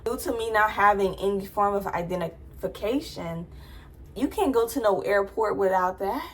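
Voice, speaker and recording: A young woman vlogger recounting a personal story in a casual, rambling way. Her voice sits at a middle pitch and her delivery is loose and chatty, packed with fillers. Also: normal speed. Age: young adult.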